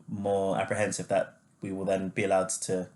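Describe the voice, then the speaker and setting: A man co-hosting a podcast in casual chat, talking freely with lots of fillers and quick laughs. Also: low-pitched, completely flat delivery, a little mellow. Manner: chatty, laughs easily, many fillers. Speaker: podcast co-host.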